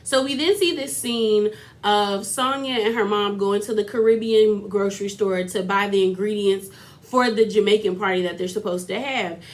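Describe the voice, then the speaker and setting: A woman vlogger giving a casual, chatty recap of a reality show, full of fillers and laughter. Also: mid-range voice.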